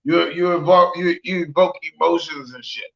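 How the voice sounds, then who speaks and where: Joking podcast co-host man, high gravelly and bright voice, slightly dull recording. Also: steady tone, normal speed. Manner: crude, joking, rambling. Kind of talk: casual chat.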